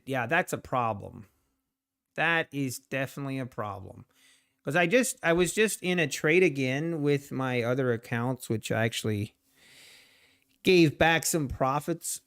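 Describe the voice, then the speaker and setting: Casting note: man, live trading streamer, unhurried delivery, clean resonant tone, a bit high-pitched. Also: fairly bright tone, clean tone. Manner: rambling, talks to the market and to chat viewers. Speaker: trading livestream host. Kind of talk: casual live commentary while trading.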